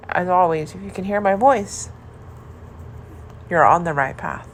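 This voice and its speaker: A woman with a slightly low voice speaks earnestly and affectionately, as if leaving a voice message for her partner. She rambles a little and keeps circling back to her point. A faint hiss sits under the recording. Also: measured pace. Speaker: podcast host.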